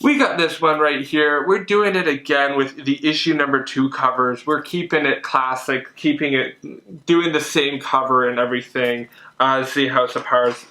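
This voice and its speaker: A young man chatting casually while unboxing comics, excitable and full of fillers and gushing. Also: medium pitch. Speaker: comic collector vlogger. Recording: echoey room.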